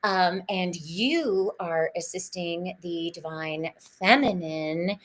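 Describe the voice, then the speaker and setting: A woman's voice: fairly low pitch, slight background noise. A woman hosting a podcast, talking in an effusive, spiritual, chatty way. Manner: effusive, sings her show jingle. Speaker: podcast host. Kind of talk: casual spiritual podcast chat.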